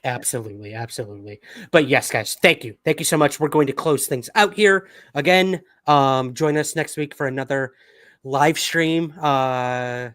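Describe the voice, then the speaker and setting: A man hosting a livestream wrap-up, chatting in an upbeat and casual way with plenty of "um"s. His voice sits at an ordinary middle pitch and sounds dry and close, with no room echo. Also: normal speed, a bit bright. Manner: upbeat, chatty, many fillers. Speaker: podcast host.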